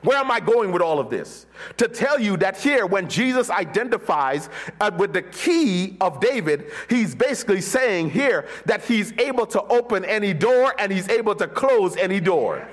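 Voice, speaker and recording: A man preaching a sermon as pastor, his voice swinging from sung high calls down to low, quiet murmurs. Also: sing-song, normal speed.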